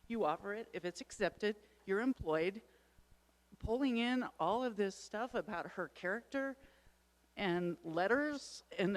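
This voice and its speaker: A middle-aged woman making a public comment at a town meeting, emotional and urgent, her frustration showing. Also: mid-range voice. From Wisconsin.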